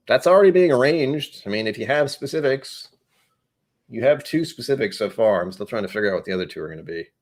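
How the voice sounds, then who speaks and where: A man's voice: on the low side, brisk. Rambling man hosting a whiskey livestream. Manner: rambling, jokey, talks to chat viewers by name. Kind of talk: casual live-stream chat reading comments.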